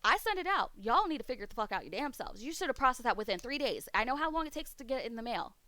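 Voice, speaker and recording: Woman streamer ranting and cussing, kinda high voice, smooth and dry. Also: lively intonation, rapid-fire, a bit bright, no room sound. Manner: profane, ranting. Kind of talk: casual chat. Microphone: streaming mic.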